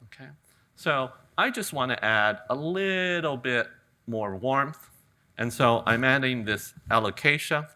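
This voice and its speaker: A middle-aged man from California giving a live flower-arranging demonstration, talking in a relaxed, joking way. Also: mid-range voice, a little slow. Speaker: ikebana demonstrator. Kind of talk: live floral demonstration talk. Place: garden event venue with audience.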